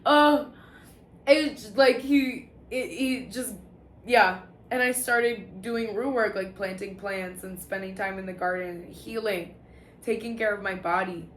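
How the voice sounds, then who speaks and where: A woman tells her story in a loose, confessional way, swearing freely and often breaking off to restart a sentence. Her voice sits at a middle pitch and carries a noticeable room echo. A faint hiss of background noise runs underneath. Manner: candid and profane, with halting restarts. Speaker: vlogger sharing personal testimony.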